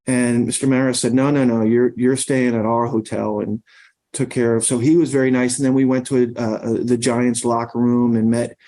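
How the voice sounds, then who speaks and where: A middle-aged man with a mellow, warm tone tells stories at an easy pace. He rambles through long anecdotes as a podcast guest, with plenty of ums and restarts. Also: mid-range voice, little pitch movement, moderate pace. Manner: rambling anecdotes with many fillers. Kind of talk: storytelling in casual conversation.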